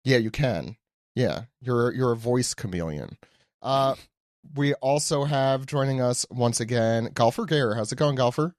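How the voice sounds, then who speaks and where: A man hosting a podcast in a casual, joking way, teasing his guests with quick asides. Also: medium pitch, animated, darkish tone, dry recording, clean studio sound. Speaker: podcast host. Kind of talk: casual chat.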